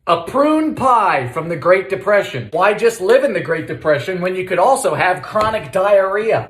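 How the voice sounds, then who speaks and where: A young man hosting a comic baking video, with deadpan asides and sudden shouts, in a home kitchen. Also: high-pitched, echoey room. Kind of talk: comedic cooking narration.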